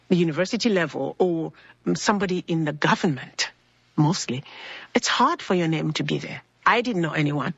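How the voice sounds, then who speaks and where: A woman with a husky, slightly low voice shares an earnest personal testimony, now and then acting out the people she met. The sound is dry and close, though a little dull and muffled. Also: no echo. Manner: earnest, acts out quoted people in her story. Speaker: speaker sharing a personal faith testimony. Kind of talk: personal storytelling.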